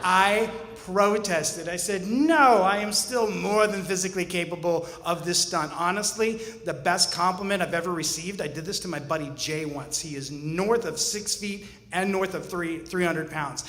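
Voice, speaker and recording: A man's voice: sits high, moderate pace, hardly any pauses, fairly bright tone. A man in his forties telling a personal story on stage, earnest with wry humor. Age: 40s. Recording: roomy hall reverb, faint ambience.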